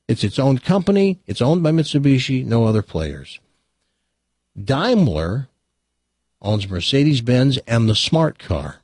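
Chatty man with a husky voice. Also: medium pitch, a little mellow, dry recording, studio quality. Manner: chatty, lists facts, wry asides. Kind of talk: casual chat and joke telling.

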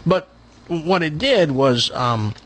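Husky lively-voiced man, faint Tennessee twang. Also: fairly high pitch, slow. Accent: faint Tennessee Southern. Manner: folksy storyteller, chuckles, repeats words when starting a thought. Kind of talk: casual chat.

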